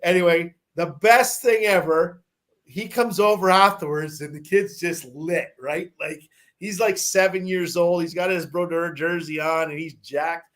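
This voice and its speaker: A man's voice: high voice, fairly even intonation, unhurried, a bit bright. A man telling a long casual story, rambling with many restarts, fillers and some swearing.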